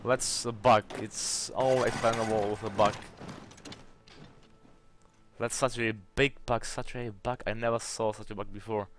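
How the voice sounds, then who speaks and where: Low-voiced man narrating a strategy game. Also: steady tone, measured pace, background noise. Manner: thinks aloud, swears at game bugs. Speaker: let's play host.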